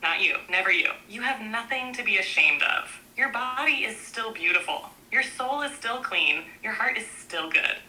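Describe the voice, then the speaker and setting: A woman narrating a book aloud in a gentle, reassuring way, speaking in short, repeated affirmations. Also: a little high, lively intonation, moderate pace, hardly any pauses, slight background noise, rough recording.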